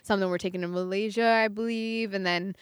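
A woman's voice: mid-range voice, steady tone, clean tone, dry recording, studio quality. A woman from New York, a singer on a podcast, talking in a chatty way full of "like". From New York, United States. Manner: chatty, lots of "like", quick to laugh off jokes. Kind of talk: casual interview chat.

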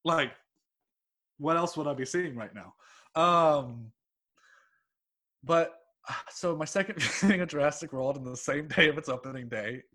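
Excitable man rambling through a story. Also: on the high side, a little slow, long pauses. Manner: rambling, excitable, swears freely, laughs mid-sentence. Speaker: English teacher telling a personal story. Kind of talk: casual anecdote telling.

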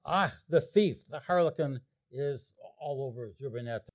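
A man lecturing on an opera, retelling its plot in an animated storytelling way. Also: mid-range voice, normal speed. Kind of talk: explaining an opera to an audience.

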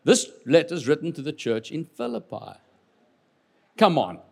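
Male pastor, higher-pitched, animated sermon delivery with humor and big dynamic swings. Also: moderate pace, vocal fry, husky. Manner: animated, jokes with congregation, swings from loud to quiet. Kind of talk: lively sermon.

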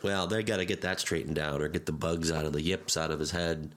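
A man's voice: extremely low pitch, steady tone, brisk. A man co-hosting a sports talk show, jokey and playful in his banter. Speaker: sports podcast co-host.

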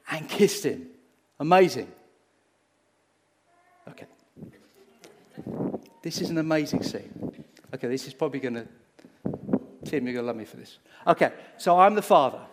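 A man preaching a sermon, acting out a Bible story with lively energy and getting short of breath as he moves about. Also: a little high. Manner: animated, acts out the story, gets breathless.

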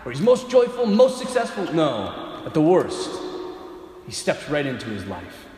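A man delivers a dramatic sermon, his voice high for a man and swinging widely in pitch. He moves from loud bursts down to near whispers. Everything rings with the long reverb of a large hall. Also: wildly swooping pitch, a little slow. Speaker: preacher.

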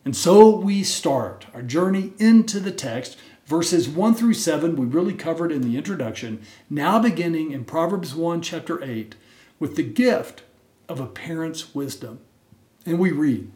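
A pastor with a slightly high, expressive, somewhat mellow voice preaches a sermon from the pulpit. He stresses his points and tosses in quick "right?" asides, his voice ringing through an echoey church sanctuary.

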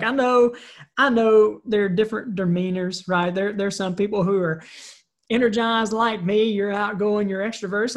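Energetic woman giving a motivational talk. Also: mid-range voice. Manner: energetic, conversational, repeats words while speaking. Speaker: motivational speaker. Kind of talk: motivational talk with personal story.

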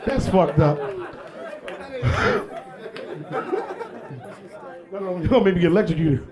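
A man's voice: high-pitched, huge pitch swings, drawn-out words, crowd noise. A male stand-up comedian doing a profane, punchy set on stage. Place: stage before live audience.

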